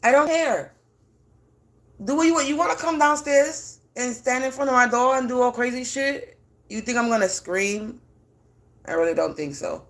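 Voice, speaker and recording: A woman's voice: a little high, moderate pace, fairly bright tone. A woman ranting defiantly on a livestream from her home as a spiritual reader, cursing bluntly. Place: at home indoors.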